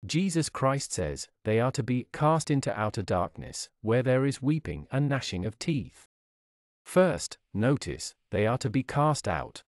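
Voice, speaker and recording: A man's voice: medium pitch, darkish tone, no room sound, clean studio sound. A man reading a sermon aloud in a solemn, declamatory way, with dramatic rises and falls. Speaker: preacher.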